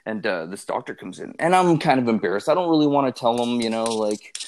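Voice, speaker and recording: A man's voice: fairly low pitch, fast, few pauses, a little mellow, slight background noise. A young man telling an embarrassing story in casual, profane chat, rambling and packing his speech with fillers.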